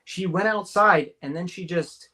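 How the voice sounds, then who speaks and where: A man, a guest on a radio show, tells an experience of his own in an animated way, filling his talk with "like" and "right?" and raising his voice to act out the people he quotes. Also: a little slow. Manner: excited, repetitive, uses many fillers and tag questions; acts out the quoted voices, jumping higher for them. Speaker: guest recounting an abduction experience. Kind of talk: animated personal storytelling. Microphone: call-in or studio mic on a talk radio show.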